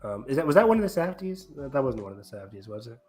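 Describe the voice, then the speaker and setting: Excitable young male co-host, pitch bouncing all over, faint music under. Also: very fast. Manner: excitable, jokey, exclamatory. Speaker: podcast co-host. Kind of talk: casual movie review chat.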